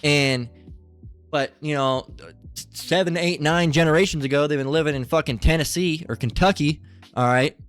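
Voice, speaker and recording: A man's voice: on the high side, moderate pace, clear, resonant tone, faint music behind. Rambling man in a casual religious monologue. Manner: rambling, repetitive, profane, fillers like "all right". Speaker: religious commentator.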